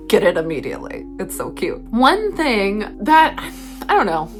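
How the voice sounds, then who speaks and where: A young woman giving a casual book review, chatty and animated, with frequent laughs and fillers. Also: mid-range voice, unhurried, faint music behind.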